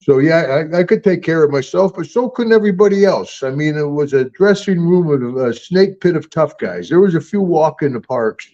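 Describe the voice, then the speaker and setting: Older man telling animated stories, lo-fi sound. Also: a little high, moderate pace, few pauses. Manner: animated storyteller, acts out voices, laughs often. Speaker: guest, retired pro wrestler. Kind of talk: storytelling interview. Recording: dull lo-fi sound.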